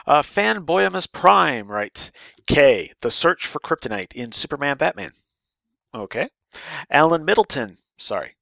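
A man hosts his podcast, chatting his way through listener mail with a loose, rambling delivery. His voice has a gravelly, fried texture. The sound is dry and close, with no room around it. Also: fairly high pitch, fairly bright tone, dry recording. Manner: rambling, chatty, with fillers and restarts. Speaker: podcast host. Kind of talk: casual podcast chat reading listener mail.

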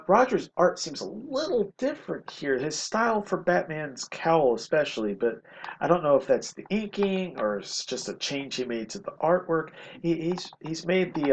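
A man's voice: on the high side, slight background noise, rough recording. A man hosting a podcast, giving casual, rambling commentary with self-deprecating asides. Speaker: podcast host reviewing comics.

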